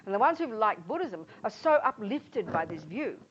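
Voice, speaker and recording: Her medium-pitched voice has a sing-song quality and a moderate pace. She's a Buddhist nun leading a class informally and emphatically, often playing out little scenes while explaining, and the audio is dull and lo-fi with faint noise.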